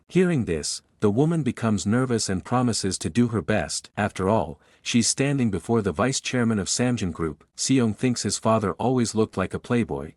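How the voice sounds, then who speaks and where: Man, comic recap narration, lowish voice, dry close sound, even reading. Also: moderate pace, hardly any pauses, no room sound.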